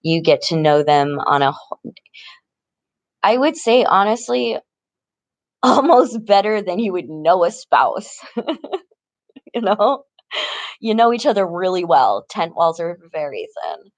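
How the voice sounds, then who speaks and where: A woman's voice: fairly low pitch, sing-song, slow pace, long pauses, no room sound. A woman talking casually in a rambling personal vlog, laughing often between her sentences. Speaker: vlogger. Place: tent in an encampment.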